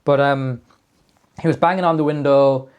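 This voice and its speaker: A man's voice: mid-range voice, fairly even intonation, normal speed, smooth, muffled recording. A young man telling a rambling story on a podcast, full of fillers and laughter. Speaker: podcast co-host. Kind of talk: casual storytelling chat.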